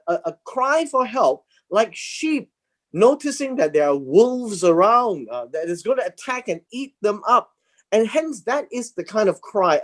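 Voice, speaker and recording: A man teaching a Bible class. He talks in a slow, halting way and often repeats words and fillers as he reads verses and explains Hebrew words. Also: high-pitched. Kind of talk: Bible study lecture.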